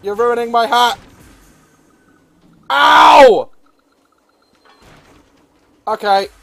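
A young man giving excitable, swearing gameplay commentary, with frequent laughter and shouts. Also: high-pitched, unhurried, no echo. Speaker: gaming video host.

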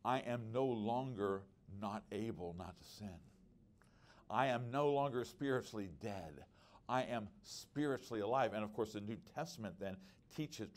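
Middle-aged male preacher, low-ish voice, earnest conversational teaching with personal anecdotes. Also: darkish tone. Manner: earnest, conversational, with many restarts and personal stories. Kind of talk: conference workshop teaching.

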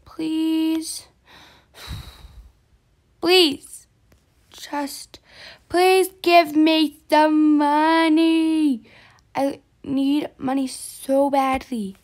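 A woman's voice: high-pitched, steady tone, drawn-out words, pauses often, full character voice. A woman voicing a whiny broke girl in a game role-play skit, pleading for money with dramatic groans.

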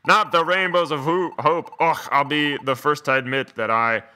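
Man doing a dog creature, gloomy, folksy dialect words, bright, sharp tone. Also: a little high, steady tone, normal speed.

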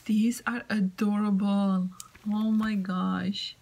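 Hushed, gushing woman unboxing craft mail. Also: mid-range voice, lively intonation, slow, slight background noise, rough recording. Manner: gushing, hushed half-whisper. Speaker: vlogger. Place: home, indoors. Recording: loud crinkling of paper packaging.

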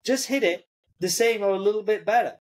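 A man acts out a furious tennis coach who finally loses his temper, yelling well above his normal pitch. The voice is loud and exasperated, blasting out blunt orders. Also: a little fast, lightly acted. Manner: shouting, exasperated.

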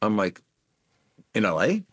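Low-voiced man telling lively career stories. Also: unhurried, breathy edge, dry recording, clean studio sound. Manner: animated anecdotes, acts out quoted voices. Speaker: guest musician. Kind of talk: storytelling interview.

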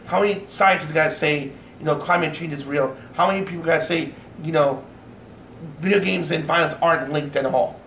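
A man's voice: fairly high pitch, a little fast, gravelly, fairly bright tone. A man ranting angrily to his viewers, swearing often and stumbling over restarts. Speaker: vlogger. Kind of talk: angry rant to camera. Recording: echoey room with faint noise.

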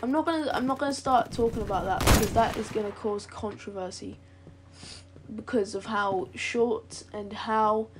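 A woman's voice: medium pitch, normal speed. A woman giving casual, rambling gameplay commentary that often corrects itself. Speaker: gaming channel creator. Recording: noisy game audio with gunfire. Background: game gunfire and clicks.

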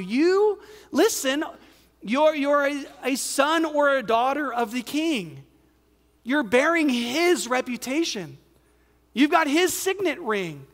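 A man's voice: very high voice, a bit bright. A man with an American accent preaching a sermon as pastor, conversational and emphatic, asking the crowd questions. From United States. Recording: reverberant hall.

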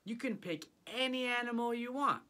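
A man's voice: very high voice, moderate pace, sharp tone. A man teaching an early childhood music lesson, playfully inviting young children to join in with animal sounds and singing.

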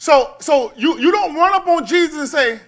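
A male pastor preaching a sermon, calling on the congregation to shout back and drawing out key words. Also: very high voice, expressive. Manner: call-and-response preaching, slows and stresses key words.

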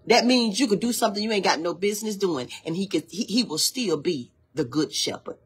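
Husky-voiced woman preaching with fervor. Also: low-pitched. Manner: fervent, repeats phrases, urges listeners to say lines back; reads from a text between spontaneous exhortations. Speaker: devotional livestream host. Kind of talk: informal devotional preaching. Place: indoors near a hallway.

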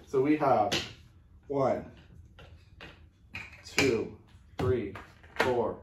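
A man's voice: mid-range voice, very slow, distant mic, heavy background noise. Brief: male vlog host, joking casual delivery, recorded off-mic in an echoey room. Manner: joking, reads comments aloud. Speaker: channel host. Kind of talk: casual chat.

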